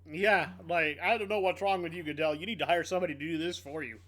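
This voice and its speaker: A man co-hosting a casual sports podcast, joking and quick to laugh. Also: on the high side, a bit bright. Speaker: podcast co-host.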